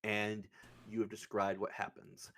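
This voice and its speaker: A man's voice: lowish voice, completely flat delivery, unhurried, vocal fry, a bit bright. A young man running a tabletop game, recapping the session in a casual, rambling, profane way. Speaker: game master. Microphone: streaming setup.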